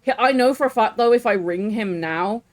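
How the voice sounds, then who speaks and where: A woman's voice: on the high side, moderate pace. A woman streaming a game, chatting crudely and laughing often. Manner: crude, giggly banter with frequent laughs. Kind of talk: casual chat while gaming.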